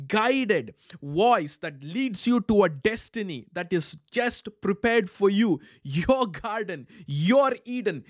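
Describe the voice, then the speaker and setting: A man's voice: sits high, dry recording, clean studio sound. A man preaching a charismatic sermon, leading prayer with fervent repetition and breaking into speaking in tongues.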